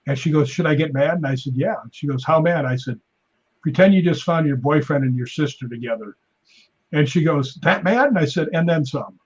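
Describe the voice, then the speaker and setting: The lo-fi clip features a husky male voice going a little fast. He is a guest stuntman and paranormal investigator on a podcast, spinning casual tales and animatedly voicing the quoted characters at a higher pitch.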